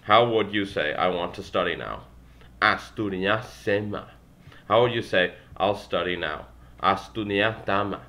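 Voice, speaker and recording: A man's voice: low-pitched, unhurried, sharp tone. A young man whose native tongue is English, reading textbook exercises aloud and answering them, with wry asides. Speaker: language learner working through a textbook. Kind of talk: self-recorded study session, reading exercises aloud.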